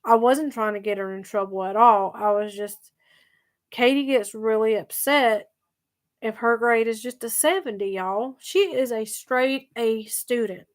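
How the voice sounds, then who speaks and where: A woman's voice: fairly high pitch, measured pace. A woman telling a story to her viewers in a chatty, emphatic way that circles back over the same points. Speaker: vlogger. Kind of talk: casual storytelling vlog.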